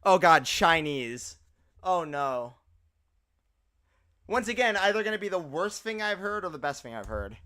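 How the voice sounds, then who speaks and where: A young man streaming live, chatting casually and excitably, laughing often and sounding tired. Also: high-pitched, unhurried, pauses often, no echo, studio quality. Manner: excitable, laughs often, uses fillers like bro. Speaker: livestreamer. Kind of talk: casual live reaction chat.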